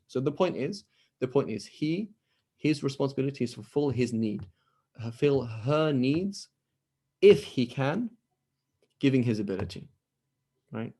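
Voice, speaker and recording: Mellow-voiced male teacher, conversational. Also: mid-range voice, lively intonation, unhurried, long pauses. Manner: conversational, acts out quoted dialogue. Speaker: Islamic studies teacher. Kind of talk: online lecture with Q&A. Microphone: video call.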